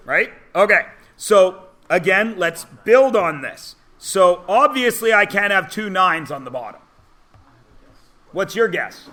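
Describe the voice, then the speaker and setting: A man teaches a math lesson to a class, teasing the students, chatting, and firing off quick check-in and rhetorical questions. His voice sits high and is bright, forceful, and expressive.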